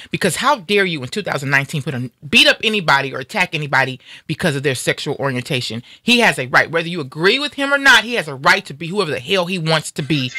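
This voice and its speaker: A woman's voice: sits low, sharp tone, no room sound, studio quality. A Black American woman hosting a live stream, speaking out in anger with fierce emphasis in casual, heated talk. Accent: African American. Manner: angry, fiery, emphatic.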